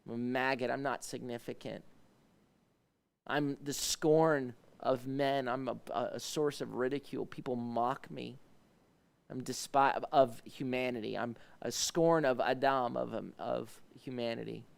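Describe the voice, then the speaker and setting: Gravelly, smooth-voiced male pastor teaching. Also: fairly even intonation, a little slow. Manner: explains Hebrew words, rises in pitch when voicing pleading questions. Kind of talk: devotional Bible teaching. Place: ministry livestream.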